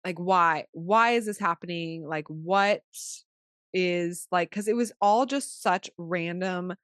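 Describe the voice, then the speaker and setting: A woman co-hosting a podcast who tells stories in an animated way, laughing often. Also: lowish voice, slow, no room sound, clean studio sound. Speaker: podcast co-host, retreat leader. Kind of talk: casual chat.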